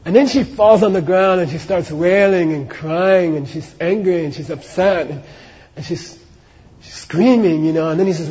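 A man gives a dharma talk, telling a story casually and checking in with his listeners. His voice is a bit high, and the recording is dull and muffled with long hall reverb. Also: moderate pace, warm tone. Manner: casual, many asides like "you know" and "okay". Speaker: Buddhist teacher.

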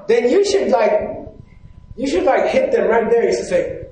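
High-voiced man teaching in an echoey hall. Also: lively intonation, unhurried, mellow. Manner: conversational, questioning, keeps checking in with "right?". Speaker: Buddhist teacher. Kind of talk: teaching talk to a live audience. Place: stage in a large hall.

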